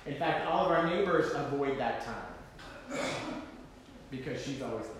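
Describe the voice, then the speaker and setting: A man's voice: mid-range voice, brisk. A man preaching a conversational sermon, telling a self-deprecating personal story with frequent fillers and asides. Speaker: pastor. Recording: echoey hall, faint room noise.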